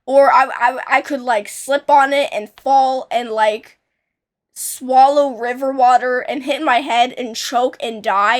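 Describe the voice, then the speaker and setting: A woman's voice: high-pitched, a bit bright. A young woman telling a childhood story in a casual, rambling way, with many restarts and fillers.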